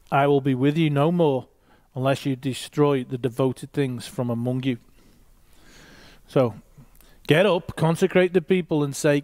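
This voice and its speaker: A man's voice: fairly high pitch, a little mellow, no room sound, clean studio sound. A man reading a Bible passage aloud and teaching, with short asides to his listeners.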